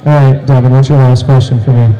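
A man telling an animated story as an interview guest, with loud excited bursts. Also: medium pitch, fast talker, faint music behind, a faint crowd, poor audio.

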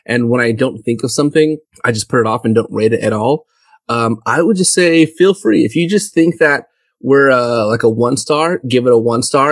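A man's voice: medium pitch, no echo, studio quality. A man co-hosting a casual movie podcast over a video call, talking in a laid-back, hesitant, jokey way. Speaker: podcast co-host. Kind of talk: casual chat.

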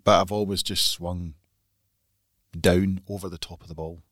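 A man's voice: low voice, fairly even intonation, moderate pace, a bit bright, no room sound, clean studio sound. A Scottish man co-hosting a podcast, chatting casually in a grumbling, dryly dismissive way. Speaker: podcast co-host, magazine editor. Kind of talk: casual chat.

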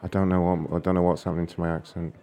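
A man's voice: sits low, flat delivery, rapid-fire, mellow. Brash, profane prank-calling man. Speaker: prank caller. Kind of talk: prank call show banter.

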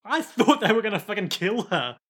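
A man co-hosting a casual podcast, telling stories in an animated way and swearing freely. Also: high-pitched, brisk, husky. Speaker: podcast co-host. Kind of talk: casual chat.

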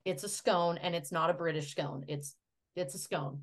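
An American woman, a podcast guest, telling lively stories in casual chat. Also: on the low side, normal speed. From United States. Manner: lively, laughing storyteller.

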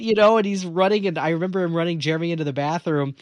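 A man in his forties, co-hosting a casual podcast, telling lively stories and acting out the voices of the people in them. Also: high voice, fast, few pauses, no room sound. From Texas. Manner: animated storyteller, acts out voices. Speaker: podcast co-host. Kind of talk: casual chat.

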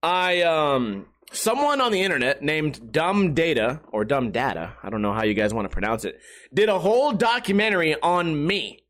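A man's voice: fairly high pitch, big pitch swings, normal speed, fairly bright tone. A man chatting casually on a stream, telling rambling stories full of swearing and giggles. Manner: profane, giggly storytelling.

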